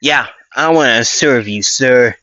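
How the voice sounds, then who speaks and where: An eager, loyal little demi-human girl, as a man puts her on for a fan audio story. Her voice is chirpy and pitched well above his own. The recording is dull, lo-fi and dry. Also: measured pace, sharp tone, no echo.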